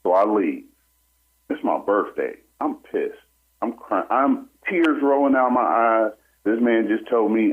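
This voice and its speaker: Male caller, husky low voice, animated storyteller, tinny phone line. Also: unhurried. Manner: animated storyteller who acts out what others said. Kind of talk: telling a personal story on a call-in radio show. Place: on a phone call into a radio show. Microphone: telephone.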